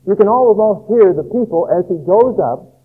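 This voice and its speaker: A male pastor preaches with a rolling, rhythmic cadence, slipping into the voices of a crowd as he goes. His voice sits a little high. It comes through a thin, phone-like radio broadcast. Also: expressive, moderate pace, slightly rough. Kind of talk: sermon.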